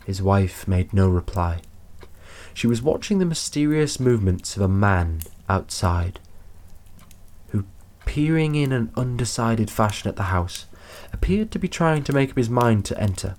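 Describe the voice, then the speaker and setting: A man reading a classic story aloud as narrator, measured and unhurried. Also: lowish voice, lively intonation, darkish tone.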